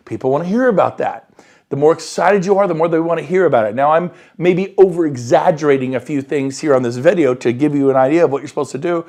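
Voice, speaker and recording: Energetic man giving sales coaching. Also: on the high side, fairly quick. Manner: enthusiastic, acts out quoted phone calls. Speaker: real estate recruiter. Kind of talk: motivational coaching talk. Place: Sacramento area.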